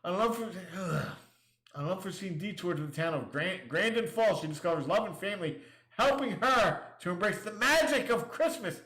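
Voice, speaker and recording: A man's voice: sits high, animated, a little fast, sharp tone. Sarcastic man ranting in an echoey room. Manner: sarcastic, crude, mocking; reads listings aloud then riffs. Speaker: show host. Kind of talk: casual livestream rant.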